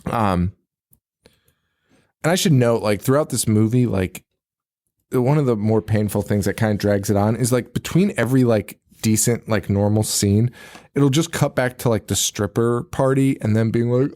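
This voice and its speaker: A man's voice: mid-range voice, moderate pace, dark tone. A man hosting a podcast, casually retelling a film with frequent laughter and swearing. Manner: laughing often, swearing, acting out lines. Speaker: podcast host. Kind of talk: casual movie recap.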